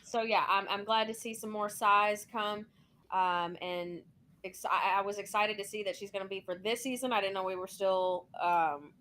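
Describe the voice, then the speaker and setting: A woman's voice: medium pitch, steady tone, moderate pace, fairly bright tone, slight background noise. A woman co-hosting a casual sports podcast, talking in a rambling way with many ums. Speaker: podcast co-host.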